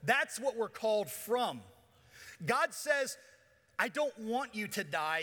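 Playful male pastor, high bright voice, reverberant church hall. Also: sing-song, slow. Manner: playful, joking with the congregation. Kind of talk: sermon. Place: church auditorium.

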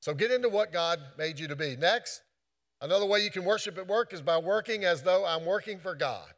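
A man's voice: high-pitched, expressive, fairly quick, fairly bright tone. A man preaching a sermon in an earnest, repetitive way, quoting scripture often.

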